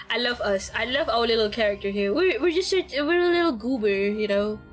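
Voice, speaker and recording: A young woman streaming a game, with giggly, rambling commentary and frequent laughter. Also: on the high side. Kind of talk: casual gameplay commentary.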